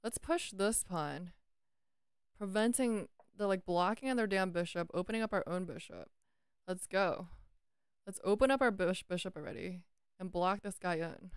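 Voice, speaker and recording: A woman's voice: mid-range voice, normal speed, smooth, dry recording. Female chess streamer, casual self-talk, clean dry voice. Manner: chatty, self-talking, swears playfully; breaks into sung lines.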